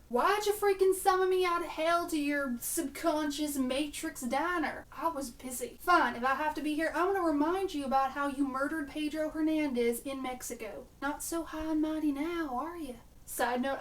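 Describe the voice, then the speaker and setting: Young woman vlogger, high voice, sarcastic and chatty, slightly off-mic. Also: distant mic. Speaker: TV episode reviewer. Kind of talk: casual video review.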